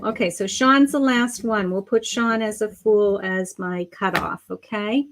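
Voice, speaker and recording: A middle-aged woman hosting a live psychic reading, speaking softly with many fillers and restarts, affectionate and a little hoarse as she says she is losing her voice. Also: medium pitch, unhurried, hardly any pauses, a little hiss or hum. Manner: soft-spoken, meandering, with many fillers and restarts; affectionate, calls viewers honey and sweetheart. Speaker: psychic medium livestream host.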